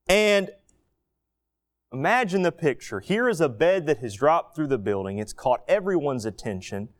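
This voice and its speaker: A man preaching a sermon, telling a Bible story with animated asides and acted-out quotes. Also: a little high.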